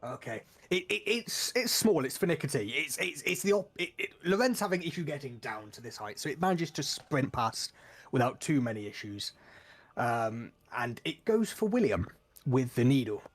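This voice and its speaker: A man running a tabletop game as game master, playful and quick to laugh. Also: mid-range voice, sing-song.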